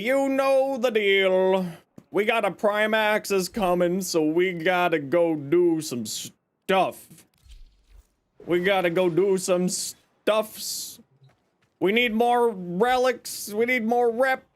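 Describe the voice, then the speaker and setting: A man's voice: high voice, takes it slowly. A man streaming a game live, chatting casually and greeting viewers by name with playful sarcasm. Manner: upbeat, greets chat by name.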